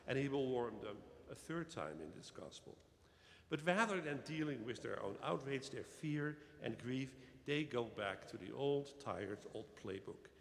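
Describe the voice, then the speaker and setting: A man, a deacon, preaching a sermon in a measured way, pausing with fillers and lifting his voice on key phrases. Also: medium pitch, a bit bright. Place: cathedral. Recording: long cathedral reverb.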